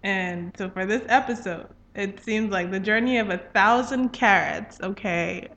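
A woman's voice: medium pitch, a little slow, a bit bright, lo-fi sound. A woman from Nigeria hosting a podcast, chatting casually and laughing often. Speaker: podcast host.

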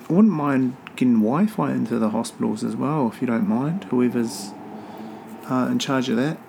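Gravelly, swearing rugby podcast man. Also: mid-range voice, darkish tone, slight background noise. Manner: rambling, profane, offhand. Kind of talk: casual solo podcast chat. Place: home near an airport.

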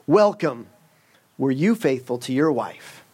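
Saint Peter, a calm saint voiced by a man. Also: medium pitch, slow pace, slightly rough. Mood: welcoming. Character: calm, welcoming older male saint at heaven's gate.

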